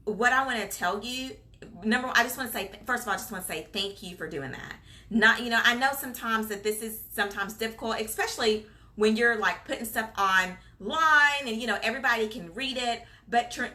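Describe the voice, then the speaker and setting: A woman's voice: mid-range voice, bright, forceful tone. A woman hosting a casual live-stream Q&A as a childcare business coach, chatty and encouraging. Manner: chatty and encouraging, many fillers, reads viewer comments aloud.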